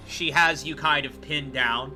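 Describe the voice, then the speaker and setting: A man running a tabletop game on a live stream, narrating scenes with animated, laughing delivery. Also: fairly high pitch, unhurried, faint music behind. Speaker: game master.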